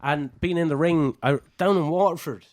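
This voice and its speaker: A man's voice: a little high, moderate pace, no echo, clean studio sound. Irish man telling swear-laced stories. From Ireland. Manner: swears freely, animated anecdotes. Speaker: podcast guest, wrestler. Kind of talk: casual storytelling.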